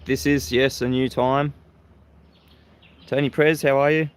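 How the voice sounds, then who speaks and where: Australian man, livestream host, combative and mocking, laughs at critics, mid-pitched voice. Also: little pitch movement, measured pace, clean tone. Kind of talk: live-stream monologue greeting viewers.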